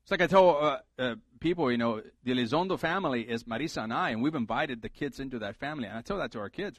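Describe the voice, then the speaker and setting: A man's voice: medium pitch, expressive, quick pace, few pauses, fairly bright tone, no room sound. A middle-aged male pastor preaching a sermon in a conversational, humorous way, repeating his key points for emphasis.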